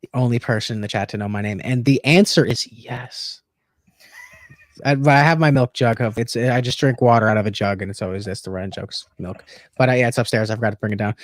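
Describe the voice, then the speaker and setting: A young man co-hosting a casual football livestream, loose and profane, joking and jumping around in pitch. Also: quick pace, no echo. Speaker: co-host of a fantasy football stream.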